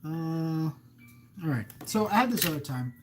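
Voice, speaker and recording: A man's voice: a little high, very animated, a little slow. A man hosting a casual live stream of creepy stories, rambling, breaking off mid-sentence and reading viewer comments aloud. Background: faint background music.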